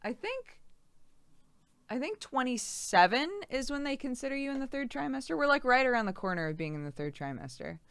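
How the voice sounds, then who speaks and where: A woman's voice: sits high, big pitch swings, fairly quick, fairly bright tone, smooth, dry recording. A pregnant young woman streamer chatting casually and reading out viewer messages, giggly and rambling with lots of fillers.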